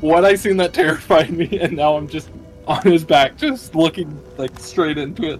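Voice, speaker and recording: A man's voice: fairly high pitch, normal speed, faint music behind, low-quality recording. A man playing a tabletop game, talking through his character's antics in a playful way. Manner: laughing, playful. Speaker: player. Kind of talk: tabletop role-play.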